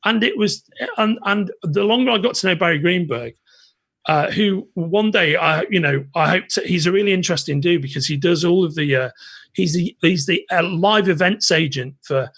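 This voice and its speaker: A British man hosting a podcast, telling a long anecdote in an animated way with lots of restarts. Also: high voice, normal speed, breathy edge, dry recording. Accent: British English. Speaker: podcast host. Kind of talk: casual storytelling chat.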